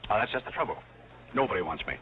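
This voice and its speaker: A man's voice: on the low side, sing-song, rapid-fire. An actor playing a dry-witted, urbane forgotten man who becomes a butler, in an old film. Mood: wry. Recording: dull 1930s film soundtrack.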